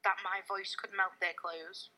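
A woman's voice: mid-range voice, level tone, a little slow, pushed and bright. A woman in a casual chat, talking in a jokey, wry way.

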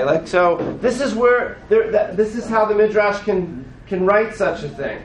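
A man teaching a class as a rabbi, in casual classroom style, animated and often checking in with his listeners. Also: high-pitched, measured pace, few pauses, reverberant, over a noisy crowd, low-quality recording. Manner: animated, acts out voices of the story, frequent "right?".

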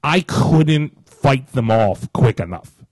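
A middle-aged man with a voice of middling pitch talks bluntly and jokes at his own expense. He sounds close to the mic in a dry space. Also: animated, takes it slowly, a little mellow, no echo, low-quality recording. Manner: blunt, jokey, speaks from experience. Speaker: podcast co-host. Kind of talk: casual chat.

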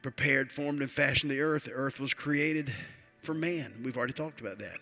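An older man preaching a sermon as a bishop, swinging between quiet asides and loud emphatic build-ups. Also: medium pitch, moderate pace, soft background music.

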